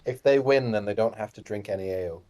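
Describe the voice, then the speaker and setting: A man playing in a tabletop game, making dry, deadpan jokes. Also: fairly low pitch, fast. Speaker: player. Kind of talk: casual game chat.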